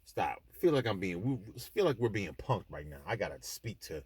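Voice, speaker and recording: Husky, animated man ranting bluntly. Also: on the low side, moderate pace, no echo. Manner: blunt, emphatic, preachy, with repeated restarts. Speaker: vlog host. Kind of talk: impassioned monologue to the camera. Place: airport.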